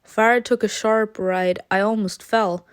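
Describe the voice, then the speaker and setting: A woman's voice: medium pitch, a little slow, clean tone, dry recording, clean studio sound. Giggly woman reading a story game. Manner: giggly, breaks into laughter and excited outbursts; dramatic reading of narration. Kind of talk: reading an interactive story game aloud with commentary.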